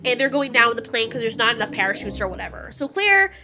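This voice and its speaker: A woman giving a casual, animated spoken film review, ranting, swearing and a bit stuffy from a cold. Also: a little high, fast. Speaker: movie reviewer.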